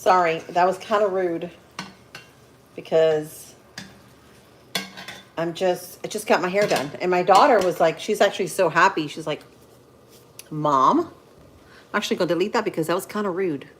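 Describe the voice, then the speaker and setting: A woman in her thirties from Central Florida, chatting casually with viewers on a livestream while she cooks, with pauses and fillers as she thinks aloud. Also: lowish voice, a little hiss or hum. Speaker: livestream host. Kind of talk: casual live-stream chat while cooking.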